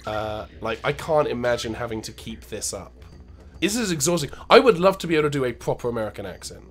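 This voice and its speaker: A man's voice: mid-range voice, animated, fast. A man with an English accent co-hosting a casual gaming show, chatting in a rambling, self-deprecating way. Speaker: co-host. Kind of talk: casual podcast chat while playing games.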